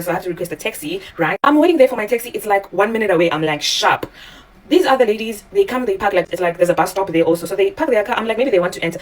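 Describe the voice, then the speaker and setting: A woman who teaches in Japan, telling a story vlog-style and acting out the dialogue in it with animated voices. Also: mid-range voice, recorded from a distance. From South Africa.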